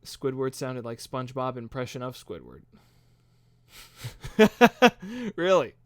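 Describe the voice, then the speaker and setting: A man's voice: mid-range voice, very animated, takes it slowly, no room sound. A man hosting a live stream, chatting casually and upbeat as he answers viewer comments into a microphone. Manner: chatty, upbeat and self-deprecating. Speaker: host. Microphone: studio microphone.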